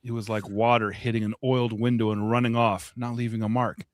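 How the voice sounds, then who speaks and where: A man reads a short story aloud on a podcast in a plain way. His voice sits at a middle pitch. It is recorded dry and close. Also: flat delivery, fairly quick, no echo. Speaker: podcast co-reader.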